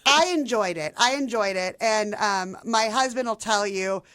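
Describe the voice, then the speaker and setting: A woman's voice: medium pitch, moderate pace, a bit bright, no room sound. A woman guest on a radio show, talking earnestly and with enthusiasm, a solutions-minded speaker. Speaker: guest, housing nonprofit leader. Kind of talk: casual radio interview. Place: radio studio.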